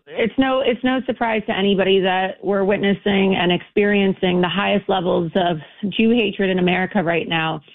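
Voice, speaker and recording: Gravelly woman over a tinny phone line. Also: mid-range voice. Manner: emphatic, assertive political talk. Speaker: radio guest. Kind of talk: phone-in interview.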